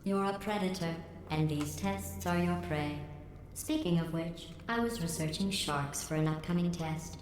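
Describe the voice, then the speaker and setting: A woman voicing a cold, sarcastic female AI overseer in a video game, speaking in a deadpan, mocking way through a processed robotic filter. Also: lowish voice. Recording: echoey game audio, faint hiss.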